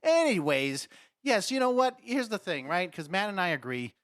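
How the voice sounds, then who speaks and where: Man, podcast co-host, loud excitable profane, bright tense voice, dry close sound. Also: high-pitched, moderate pace, no room sound. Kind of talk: casual podcast chat.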